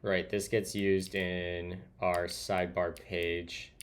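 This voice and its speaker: A man's voice: low voice, flat delivery, takes it slowly. A man streaming live as he codes, thinking aloud and muttering to himself as he types. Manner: muttering to himself while typing. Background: keyboard typing.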